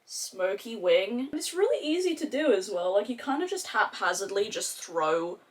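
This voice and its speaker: A woman's voice: mid-range voice, big pitch swings, moderate pace. Chatty swearing woman, Aussie-English accent. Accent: mix of Australian and English. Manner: chatty, swears freely, rambling tangents. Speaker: beauty vlogger. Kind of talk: casual makeup tutorial chat.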